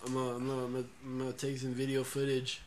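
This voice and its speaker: A man's voice: mid-range voice, monotone, very fast, darkish tone. A man co-hosting a podcast in casual, profane chat, often trailing off and restarting. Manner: laid-back, swears, trails off and restarts. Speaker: podcast co-host.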